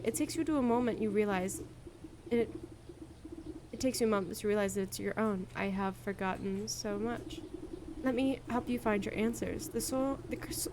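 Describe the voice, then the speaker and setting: A young woman streamer reading game text aloud as she plays, expressive, with loose chatty asides. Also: a little high, noisy background.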